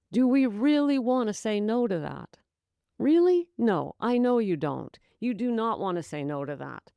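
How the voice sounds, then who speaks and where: On a solo sobriety-coaching podcast, a woman with a lowish, slightly mellow, clean voice speaks emphatically and encouragingly to her listener, calling them babe. It's motivational talk captured in clean studio sound with no echo.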